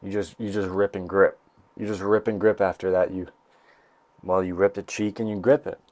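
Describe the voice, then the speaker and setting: A young man with a low, mellow voice that barely shifts in pitch talks at normal speed, echo-free, into a desk mic in a college bathroom. Hosting a comedic podcast, he delivers a rambling, jokey monologue full of restarts.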